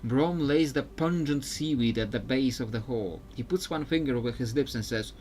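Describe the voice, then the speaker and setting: A man's voice: mid-range voice, moderate pace, hardly any pauses, darkish tone, a little hiss or hum. Chatty man thinking aloud while gaming. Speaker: streamer playing a video game. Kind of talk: live gameplay commentary.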